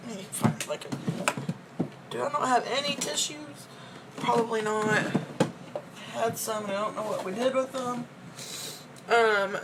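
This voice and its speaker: A young vlogger with a voice on the high side tells an emotional, upset, rambling story full of fillers during a casual check-in video. Background noise can be heard.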